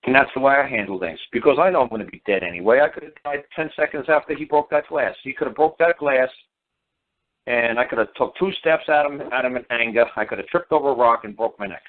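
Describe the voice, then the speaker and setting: A man's voice: medium pitch, quick pace. Rambling man on a tinny phone line. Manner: rambling, repeats himself, swears casually. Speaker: talk show host. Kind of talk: casual storytelling monologue.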